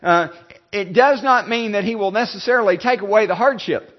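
A male pastor giving a sermon, halting, with many fillers and restarts. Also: high-pitched, highs cut off.

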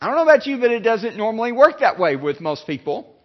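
A male pastor giving a sermon, halting, with many fillers and restarts. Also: very high-pitched, very animated, muffled recording.

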